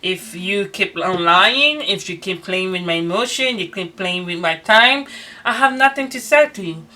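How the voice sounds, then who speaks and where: A young woman vlogger in casual storytime chat, animated and swearing as she acts out quoted dialogue. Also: mid-range voice, normal speed. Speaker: beauty vlogger.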